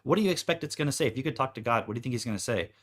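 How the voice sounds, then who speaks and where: A man co-hosting a casual podcast, his voice sitting at an ordinary middle pitch. He talks animatedly and swears freely, slipping into quick put-on voices to act out other people. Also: expressive, fairly bright tone. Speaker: podcast co-host.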